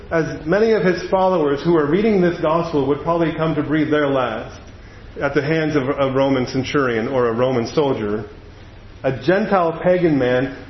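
A man's voice: fairly high pitch, slight background noise. A male pastor preaching a sermon in a conversational, storytelling manner. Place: church sanctuary. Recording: echoey dull room recording.

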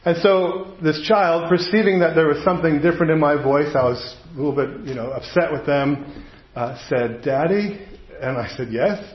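A man's voice: fairly high pitch, fairly even intonation, normal speed. Middle aged guy preaching, kinda chatty, lots of asides, sounds roomy and a bit muffled. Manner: conversational, anecdotal, self-interrupting with asides. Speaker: pastor. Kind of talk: sermon. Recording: roomy, slightly dull sound.

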